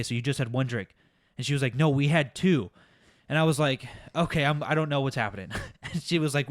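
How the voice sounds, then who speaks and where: A young man co-hosting a casual podcast, telling a work story in a profane, exasperated, animated way. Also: mid-range voice, dry recording, clean studio sound. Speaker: podcast co-host.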